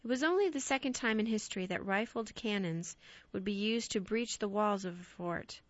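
A woman narrating ghost stories as an audiobook in a measured, expressive storytelling voice. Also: medium pitch, no room sound. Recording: dry, slightly dull recording.

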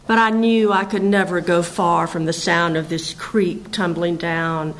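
A woman poet reading her own poems aloud in a measured recitation, with hesitant, chatty asides between the pieces. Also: fairly low pitch, a little hiss or hum, poor audio. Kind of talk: poetry reading.

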